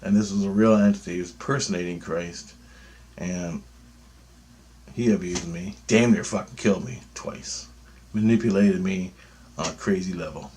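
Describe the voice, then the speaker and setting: A vlogger in his fifties rambles through a loose spoken monologue, talking bluntly, swearing freely and jumping from thought to thought. His somewhat low, darkish voice moves at normal speed with frequent pauses.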